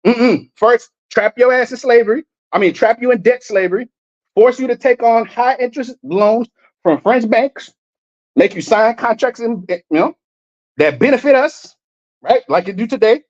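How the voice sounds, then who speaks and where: A man's voice: very high-pitched, expressive, normal speed, darkish tone, lo-fi sound. A man preaching fiercely over video clips, swearing freely and often stumbling over repeated words. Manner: heated, profane, repeats and restarts words. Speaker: street preacher.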